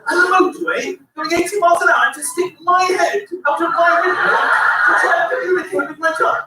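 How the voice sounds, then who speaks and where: Animated comedian on an echoey stage. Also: male voice, very high voice, brisk, heavy background noise. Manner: animated, acts out voices, shouts punchlines. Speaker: stand-up comedian. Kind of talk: stand-up routine. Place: stage before a live audience. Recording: echoey distant stage recording with loud audience.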